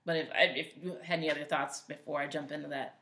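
A woman's voice: sits low, steady tone, fast, sharp tone, roomy sound. A woman co-hosting a casual podcast chat, speaking in a definitive, confident way with easy laughs. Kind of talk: casual conversation.

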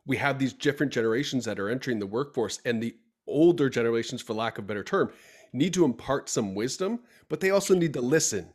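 A man's voice: mid-range voice, lively intonation, fast. A middle-aged man hosting a podcast, telling stories in a chatty way and acting out his own dialogue. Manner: chatty storyteller, acts out quoted dialogue. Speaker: podcast host. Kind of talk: casual podcast conversation.

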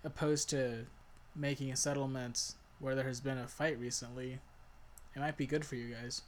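A man's voice: mid-range voice, steady tone, moderate pace, a little hiss or hum, close to an everyday voice. A man playing a male warrior leader in a tabletop game, speaking earnestly and plainly in his own voice. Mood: reassuring. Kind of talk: in-character tabletop role-play.

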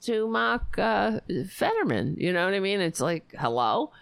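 A woman hosting a political talk show, speaking indignantly and profanely, with many halting restarts. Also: mid-range voice, very animated, gravelly, clear, resonant tone, no room sound. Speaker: podcast host.

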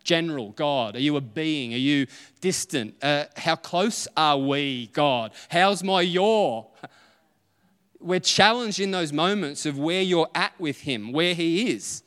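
A man's voice: on the high side, expressive, unhurried, a bit bright, clean tone. A man, preaching a conversational sermon and acting out little dialogues as he tells stories. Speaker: pastor. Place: church auditorium. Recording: long hall reverb.

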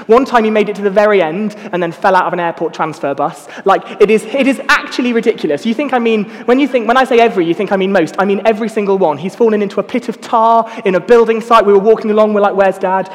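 A man's voice: sits high, fast talker, hardly any pauses, long reverb tail. A young man giving a casual, self-mocking sermon full of personal stories. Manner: self-mocking, chatty storytelling. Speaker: preacher.

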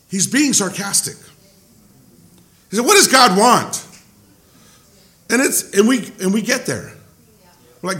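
A middle-aged man delivers a sermon in a high, sharp-edged voice. His pitch swings widely as he talks, and he keeps restarting phrases before punching key lines with a shout. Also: lively intonation, normal speed, long pauses. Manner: conversational with frequent restarts, bursts of shouting for emphasis. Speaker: pastor.

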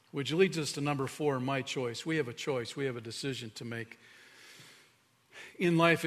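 A man preaching a sermon as pastor, earnest, sometimes dropping to a hushed tone for emphasis. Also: mid-range voice. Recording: reverberant hall.

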